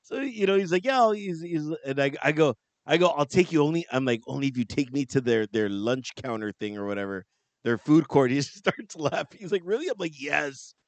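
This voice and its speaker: A man with a fairly high voice co-hosts a podcast in easygoing chat, breaking into laughter and acting out quotes as he tells stories. He sounds close and dry, with no room around him. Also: animated, brisk, no echo. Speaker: podcast co-host. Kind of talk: casual chat.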